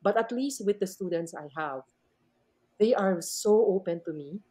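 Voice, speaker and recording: A middle-aged woman with a Filipino accent, a math teacher telling animated stories as a podcast guest and switching between Tagalog and English. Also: mid-range voice, normal speed. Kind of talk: casual podcast storytelling.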